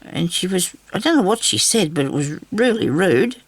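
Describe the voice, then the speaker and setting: Australian woman, craft vlogger, rambling anecdotal chat, slightly gravelly, dry room. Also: on the low side, big pitch swings, normal speed, no room sound. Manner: rambling, storytelling, chatty. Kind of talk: casual chatty craft vlog.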